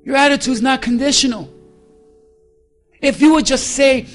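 A man preaching a sermon as pastor, emphatic, with loud calls and hushed stretches. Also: very high voice, animated, normal speed, pauses often, faint music behind.

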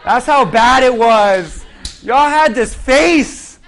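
A man's voice: extremely high pitch, expressive, takes it slowly, a bit bright. A male pastor preaching a sermon in church, joking with the congregation and leading call-and-response. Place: church sanctuary.

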